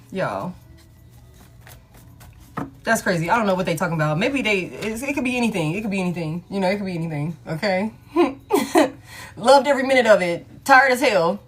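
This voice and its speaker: Woman, 30s, tarot-stream host; blunt, profane, laughing, casual delivery. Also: medium pitch. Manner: candid and profane, laughs often, talks straight to her viewers. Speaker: tarot reader hosting a live stream.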